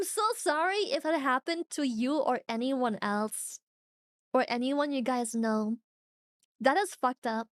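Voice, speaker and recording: A young woman streaming, chatting casually with viewers, animated, swearing often and laughing a lot. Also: high-pitched, measured pace, no room sound, clean studio sound. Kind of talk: casual chat reacting to viewers.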